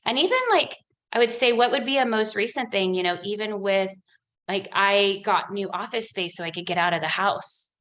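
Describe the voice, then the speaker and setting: A woman's voice: mid-range voice, moderate pace. Chatty woman telling her story. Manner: animated, chatty storytelling with frequent "like". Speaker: guest, money coach. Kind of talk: candid interview chat.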